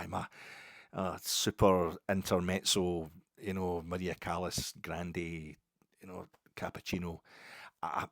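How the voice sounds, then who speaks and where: A deep-voiced Scottish man, recorded dry, hosts a podcast. He tells a rambling, self-mocking anecdote in casual style, swearing plenty.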